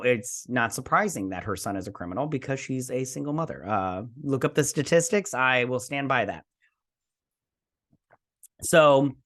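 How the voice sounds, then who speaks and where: A man hosting a review show, recapping an episode casually, chatty and animated, with lots of fillers as he acts out the characters' lines. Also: medium pitch. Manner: frequent fillers like "like" and "you know".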